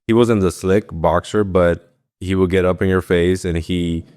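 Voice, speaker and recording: A man's voice: low voice, steady tone, normal speed, a little mellow, clear, resonant tone. A young man, a fighter, telling his story in a casual interview, rambling with lots of fillers and swearing freely. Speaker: guest, professional MMA fighter.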